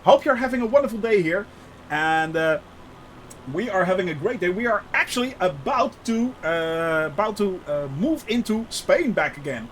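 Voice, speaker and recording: A man's voice: sits high, lively intonation, moderate pace, a bit bright, slight background noise, poor audio. A male streamer chatting casually with viewers during a live flight-sim game, greeting each by name with many fillers. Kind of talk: live-stream chat while flying.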